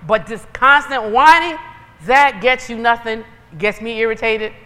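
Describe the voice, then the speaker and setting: Forceful woman preaching in an echoing hall. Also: on the high side, measured pace. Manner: lively, conversational preaching with rising exhortations. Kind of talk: sermon. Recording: long reverb of a large hall.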